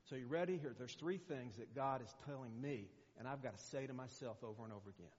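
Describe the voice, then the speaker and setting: A man's voice: mid-range voice, quick pace, darkish tone. A man in his sixties preaching as a guest speaker in a conversational, rambling way, full of fillers and restarts. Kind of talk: sermon. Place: church hall. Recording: muffled echoey church recording.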